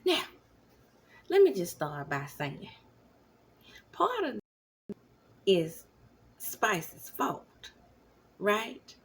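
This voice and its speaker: A woman in her thirties giving casual commentary at home, animated, now and then dropping into whispers. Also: medium pitch, drawn-out words, long pauses, husky. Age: 30s. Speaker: vlogger. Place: home, at night.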